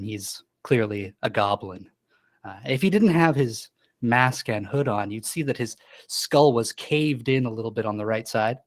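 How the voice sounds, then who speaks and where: Man, player, describes character, casual halting talk, mid pitch.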